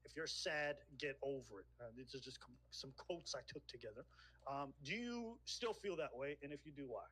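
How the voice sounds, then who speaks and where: A male interviewer posing a question in a measured way, with hesitant fillers. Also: mid-range voice, lively intonation, a bit bright, breathy edge, rough recording.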